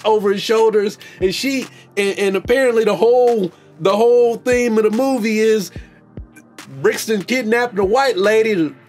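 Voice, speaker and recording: A man hosting a podcast, riffing loosely about movies with jokes, slang and restarts. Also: very high voice. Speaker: podcast host. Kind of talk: casual movie commentary.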